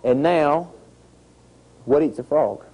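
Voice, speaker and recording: Animated man teaching kids. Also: fairly high pitch, slow pace, breathy edge, low-quality recording. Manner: animated storytelling with sound effects. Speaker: environmental educator. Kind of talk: outdoor lesson to children. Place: outdoors at a nature center.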